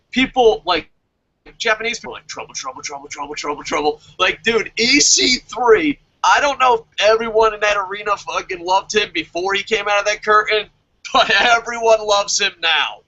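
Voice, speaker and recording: A man co-hosting a wrestling podcast, talking excitedly in casual chat, swearing constantly and laughing often. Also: high-pitched, normal speed, dull audio. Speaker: podcast co-host reviewing a wrestling show. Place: lives in Japan.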